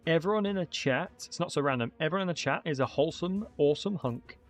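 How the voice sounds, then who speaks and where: A man's voice: fairly high pitch, fast talker, soft background music. A young man, chatting upbeat with his viewers while commentating a game stream. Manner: chatty, upbeat banter with chat. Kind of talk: casual live-stream commentary.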